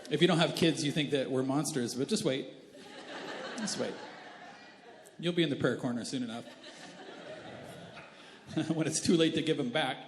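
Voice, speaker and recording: This male pastor in his thirties has a fairly high voice and a moderate pace, pausing often, with slight background noise. He shares funny family stories in a sermon, self-deprecating and talkative, turning now and then to the congregation, and the big church hall lends a long reverb.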